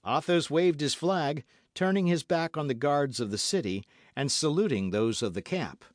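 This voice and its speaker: A man narrating a classic novel as an audiobook, reading in an expressive, dramatic manner. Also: fairly high pitch, normal speed, no echo, clean studio sound. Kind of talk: scripted narration.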